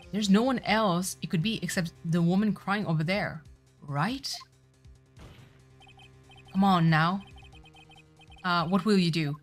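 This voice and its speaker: Woman streamer reading all the game parts out loud, kinda low voice, bit of music behind. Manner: reads every character aloud with swearing asides. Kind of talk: voicing a game's script, reading all parts. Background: faint music.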